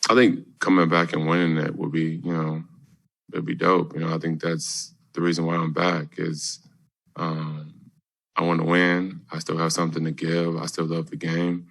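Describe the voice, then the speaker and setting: Deep gravelly-voiced man, halting and laid-back. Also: completely flat delivery. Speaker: basketball player at press conference. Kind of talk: press conference answers.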